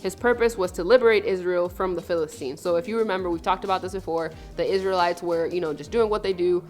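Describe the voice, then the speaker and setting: A woman's voice: fairly low pitch, fast talker, a little mellow. A woman co-hosting a casual faith podcast, explaining a story in a playful, joking way. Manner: playful, explains and jokes with frequent laughs. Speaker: podcast co-host. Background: faint background music.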